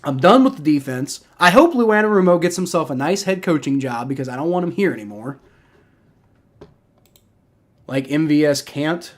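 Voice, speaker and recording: A man's voice: on the high side, lively intonation, normal speed, long pauses. A young man hosting a live football reaction stream, talking in a heated, profane rant and often repeating himself and restarting. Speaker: livestream host reacting to football.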